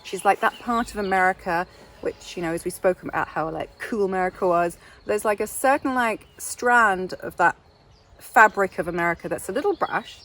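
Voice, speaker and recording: A woman's voice: mid-range voice, normal speed, a bit bright. A middle-aged English woman with an English accent, chatting in a meandering, self-deprecating way as a podcast co-host. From England. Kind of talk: casual chat.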